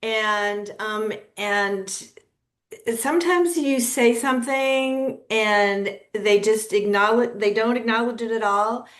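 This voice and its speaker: A woman joining a panel discussion over a video call, calm and affirming. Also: on the high side, slow pace. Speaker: panel participant. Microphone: video call mic.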